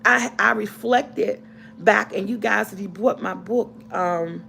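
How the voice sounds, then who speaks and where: Gravelly-voiced woman vlogger, heartfelt and rambling. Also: medium pitch, takes it slowly, fairly bright tone, slight background noise. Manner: rambling and heartfelt, restarts and repeats. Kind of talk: casual storytelling chat to camera.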